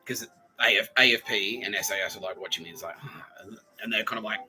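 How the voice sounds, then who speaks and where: A man's voice: on the low side, a little fast, bright, forceful tone, low-quality recording. A man hosting a podcast, telling a rambling comic story, often laughing and acting out the voices of people in it. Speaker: podcast host. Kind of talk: rambling comedic monologue.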